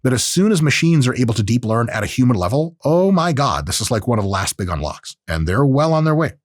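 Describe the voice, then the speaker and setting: Man, podcast host, casual tech monologue, animated voice, dry room. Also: medium pitch, quick pace, no room sound. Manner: animated, acts out quoted voices, profane asides.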